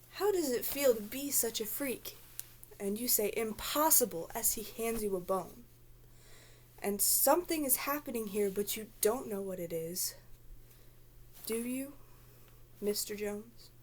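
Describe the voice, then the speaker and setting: A woman's voice: mid-range voice, a little mellow. Woman, spoken-word performer, dramatic recitation, theatrical, sometimes whispering, faint noise underneath.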